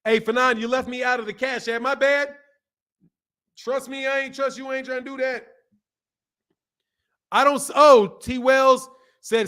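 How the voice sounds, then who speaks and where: A man hosting a live boxing talk stream, reading out donations, animated and laughing with loud outbursts. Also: very high voice, moderate pace, pauses often, smooth. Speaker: boxing channel host.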